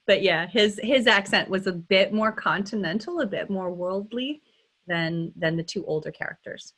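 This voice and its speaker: Middle-aged lady dialect coach chatting away, kinda low voice, lots of ums and restarts. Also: moderate pace, a bit bright. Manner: chatty, thinks aloud with many restarts and ums. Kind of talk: casual interview conversation.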